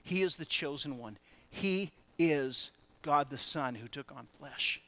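Male preacher, bright and animated, pitched high, breaks into laughs. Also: measured pace. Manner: animated, laughs between phrases. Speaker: pastor. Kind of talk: sermon.

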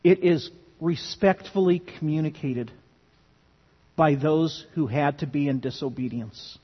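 A man's voice: a little high, measured pace, husky. A man preaching a sermon, earnest and emphatic, often restarting his phrases. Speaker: pastor. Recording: dull, lo-fi sound with long hall reverb.

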